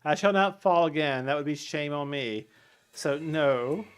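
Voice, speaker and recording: A man's voice: on the high side, unhurried, clear, resonant tone, close to an everyday voice. A man doing a cocky, showy bard. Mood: smug. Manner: excited and showy.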